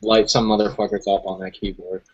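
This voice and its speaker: A man's voice: lowish voice, little pitch movement, a little fast, highs cut off. A young adult man hosting a casual chat show, joking and laughing a lot in slangy banter. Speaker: podcast host.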